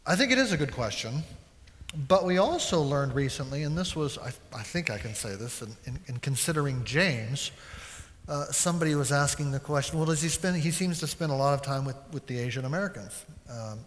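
A man on a panel speaking thoughtfully and carefully at a middle pitch. His voice carries a long reverb from a large hall. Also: lively intonation, a little fast, fairly bright tone. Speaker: church leader on a conference panel. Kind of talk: panel discussion.

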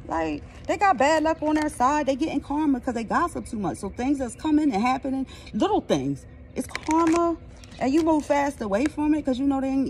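A woman's voice: high-pitched, noisy background. A woman giving a casual tarot reading outdoors, blunt, profane and emphatic. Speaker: tarot reader.

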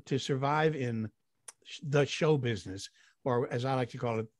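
A man's voice: medium pitch, moderate pace, no echo, studio quality. An older man, a guest actor, telling long rambling anecdotes in an interview with chuckles along the way. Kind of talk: storytelling in an interview.

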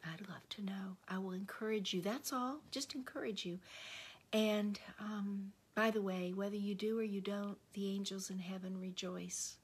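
A woman who is a spiritual director, leading a devotional teaching with spoken prayer in an earnest, unhurried way that often sinks to a hush. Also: mid-range voice, steady tone, slightly rough.

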